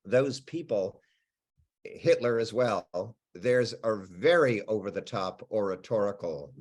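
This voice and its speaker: A middle-aged American man, an actor being interviewed, talking in an animated, chatty way with restarts and laughs. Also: on the low side, slow pace. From United States. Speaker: actor guest. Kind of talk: casual interview chat.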